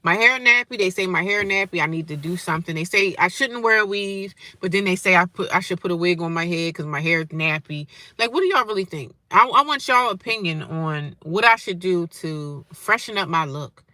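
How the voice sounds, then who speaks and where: A woman in her forties vlogging straight to her viewers, defiant and sarcastic, jumping from loud outbursts to low mutters. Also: lively intonation, a little fast, few pauses, dry recording. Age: 40s. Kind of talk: casual direct-to-camera rant.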